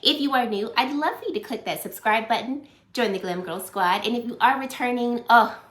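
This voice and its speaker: A woman in her thirties, a beauty vlogger talking casually to camera, emotional and teary, halting with many fillers. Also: a little high, a bit bright, echoey room. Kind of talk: casual get-ready-with-me chat.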